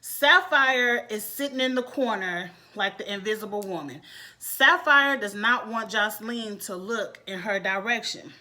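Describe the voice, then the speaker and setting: A woman giving a casual, animated reality TV review, laughing often as she talks. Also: medium pitch, measured pace. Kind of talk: casual commentary.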